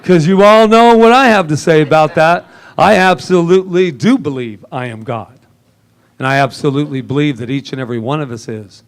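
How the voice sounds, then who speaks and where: A man preaching a lively sermon in a church service, joking and laughing often with the congregation. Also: a little high, brisk. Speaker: minister.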